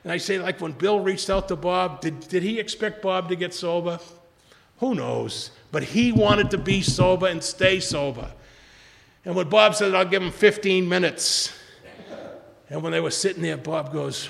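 A man's voice: high-pitched, lively intonation, moderate pace, gravelly, a bit bright, long reverb tail. An older man speaking at a recovery retreat, rambling and repeating himself, acting out quotes from others.

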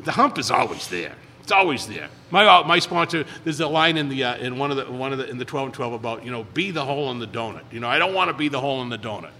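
Bright-voiced man in a reverberant room. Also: medium pitch, a little hiss or hum. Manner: rambling, repeats words, acts out quotes. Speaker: recovery meeting speaker. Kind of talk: casual storytelling talk.

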